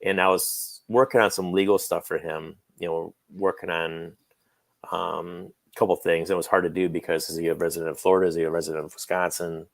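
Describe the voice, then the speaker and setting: A man's voice: low voice, little pitch movement, fairly quick, no room sound. A middle-aged man casually telling stories about a late friend, acting out both sides of their phone calls. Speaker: guest, friend and manager recounting memories. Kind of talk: casual storytelling in a podcast chat.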